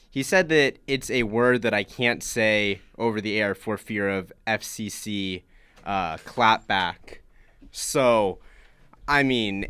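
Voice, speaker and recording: A male co-host with a low-set, bright, crisp voice ribs his partner in a dry, teasing way. His voice sits close and dry in a studio. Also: no echo. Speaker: podcast co-host. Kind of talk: casual racing podcast chat.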